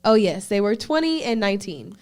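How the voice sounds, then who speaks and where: A woman's voice: medium pitch, sing-song, brisk, darkish tone, smooth. A woman co-hosting a podcast in casual chat, joking and slangy. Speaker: podcast co-host.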